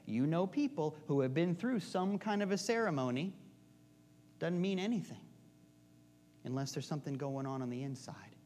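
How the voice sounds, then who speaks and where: Man minister, high-pitched, chatty sermon delivery, swings from loud stress to near-whispers. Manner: storytelling, shifts between loud emphasis and hushed asides. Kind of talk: conversational sermon.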